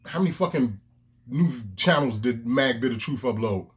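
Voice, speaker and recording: Animated and husky at a medium pitch, a man vlogs to his own camera at a moderate pace. His commentary is heated and profane, with forceful outbursts, and the audio is self-recorded through the camera lens.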